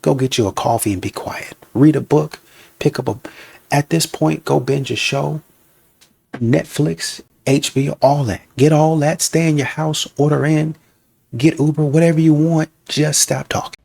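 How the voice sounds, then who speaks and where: A man's voice: on the high side, fairly even intonation, moderate pace, creaky, a little mellow, slightly rough, no room sound. A man hosting a reaction video, giving casual, blunt, scolding commentary.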